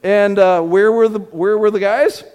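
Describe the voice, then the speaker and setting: A pastor with a high, clean, slightly mellow voice preaches a sermon at an unhurried pace with fairly even intonation. He tells stories full of repeated fillers and restarts, and the hall adds a long reverb.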